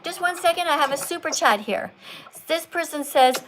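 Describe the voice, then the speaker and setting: High-voiced woman coaching like a teacher. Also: fairly quick, a bit bright, a little hiss or hum, rough recording. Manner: teacherly, coaxing, talks as if to a child. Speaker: livestream host. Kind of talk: livestream chat, coaching a caller to read.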